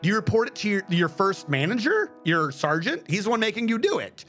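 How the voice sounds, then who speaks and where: A man's voice: high voice, sing-song, fairly quick, fairly bright tone, faint music behind. A man streaming a game, chatting in a casual, profane rant and explaining things step by step.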